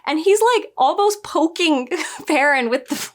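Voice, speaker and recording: A woman's voice: sits high, expressive, moderate pace. Chatty exasperated woman reviewer. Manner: chatty, exasperated, nitpicky, laughs often. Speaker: show reviewer. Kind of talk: casual review recap.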